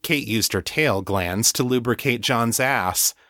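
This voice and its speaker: A man reading an audiobook story in calm, measured scripted narration. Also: mid-range voice, no echo, clean studio sound.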